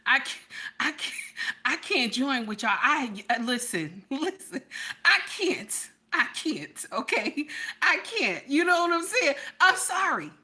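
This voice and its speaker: A middle-aged woman hosting a casual livestream chat, with a fairly high, bright and sharp voice. She talks to her viewers in an animated, playful way, laughs often and keeps checking in with "okay?". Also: a little slow. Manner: animated and playful, repeating herself with frequent "okay?". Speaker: livestream host.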